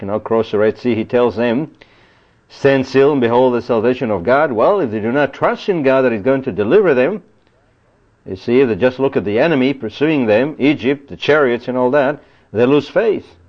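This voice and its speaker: Earnest guy preaching a bible study, mid-pitched voice, keeps saying "you see", dull lo-fi recording.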